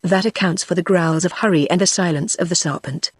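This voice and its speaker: A humble, plain-spoken frontier hunter from an old storybook, read by a computer voice. The pitch sits in the middle and the sound is dry and close, with an even machine-made delivery. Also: a little fast, husky, no room sound, lightly acted. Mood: thoughtful. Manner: even synthetic reading.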